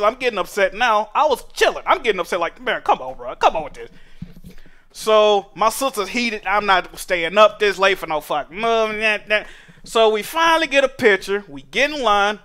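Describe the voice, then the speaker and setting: A young man streamer telling a long profane story in casual slang, growing exasperated and loud. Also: high voice, moderate pace. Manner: profane, animated, rising to exasperated shouting.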